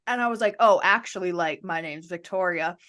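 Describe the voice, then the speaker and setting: A woman's voice: fairly low pitch, fairly quick, a bit bright. A woman co-hosting a casual podcast, telling stories and acting out the lines people said to her. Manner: chatty storytelling, acts out quoted lines. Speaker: podcast co-host. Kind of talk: casual chat.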